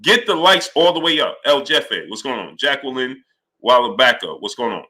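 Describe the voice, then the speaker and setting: This male host of a live boxing talk stream has a medium-pitched voice and a moderate pace. Animated and heated, he argues hard while greeting people in chat by their names.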